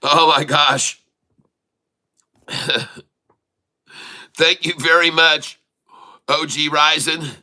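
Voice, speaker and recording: Bright-voiced excitable trading streamer man. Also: fairly high pitch, drawn-out words, pauses often. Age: middle-aged. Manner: excitable, folksy, calls out to viewers as folks. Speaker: day-trading livestream host. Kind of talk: live trading stream chat.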